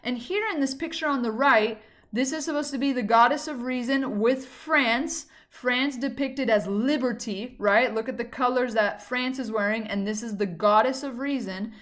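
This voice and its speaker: A woman's voice: on the high side, moderate pace, few pauses, fairly bright tone. A woman teacher giving a recorded history lesson in a casual, chatty way, with frequent "um" and "like".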